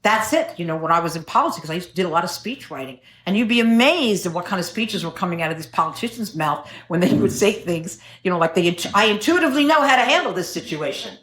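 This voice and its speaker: A middle-aged woman with a fairly low voice talks fast, barely pausing, with lively intonation. Speaking at an AA meeting in an echoey room, she tells her recovery story in a wry, self-mocking way, cracking jokes as she goes.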